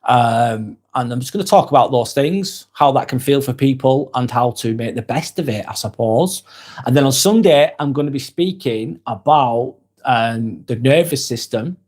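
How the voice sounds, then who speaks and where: A British man with a mid-range voice hosts a live stream, reading out viewer comments and replying gently and sympathetically, with the occasional soft laugh.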